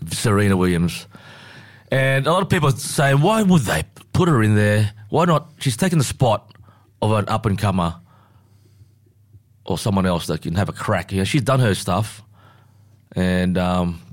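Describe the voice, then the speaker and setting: A man hosting a casual radio sports chat, chatty and halting with fillers. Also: sits low, lively intonation.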